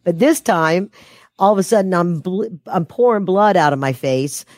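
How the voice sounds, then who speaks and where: A woman's voice: on the low side, expressive, moderate pace, darkish tone, dry recording, studio quality. A woman telling a personal story as an interview guest, her voice rising when she quotes herself.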